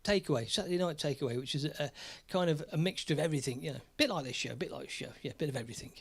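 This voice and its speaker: A British man hosting a casual live stream, chatty and jokey, slightly hoarse from a cold. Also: fairly high pitch, very fast.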